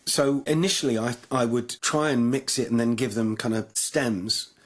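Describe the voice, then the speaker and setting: A man's voice: medium pitch, fairly even intonation, normal speed. An English man telling stories as a guest in an interview, rambling with many restarts. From England. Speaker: guest musician. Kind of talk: anecdotal interview chat.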